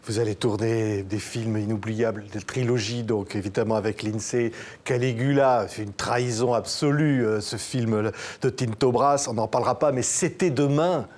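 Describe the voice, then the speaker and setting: A male host puts his questions to a guest in a television studio. He reads prepared, admiring lines at an even, deliberate pace. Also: mid-range voice. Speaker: TV interviewer host. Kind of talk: scripted interview questions.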